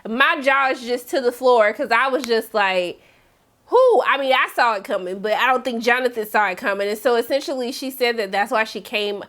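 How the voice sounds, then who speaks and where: Female host, high register, animated and playful, casual episode-recap commentary. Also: fairly quick, few pauses. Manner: chatty and animated, with big pitch swings and playful asides.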